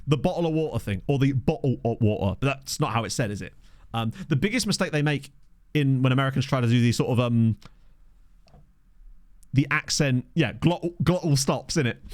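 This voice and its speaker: Brief: young male streamer from England, animated pitch, dry close desk mic, chatty live commentary over gameplay. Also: dry recording. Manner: chatty, answers chat, lively pitch swings. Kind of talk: casual chat while playing. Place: home streaming setup. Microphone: desk microphone.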